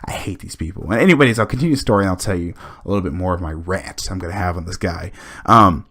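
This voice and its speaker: A podcast host telling a long rambling story in casual chat, full of restarts and fillers, acting out what people said. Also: male voice, deep voice, quick pace, fairly bright tone.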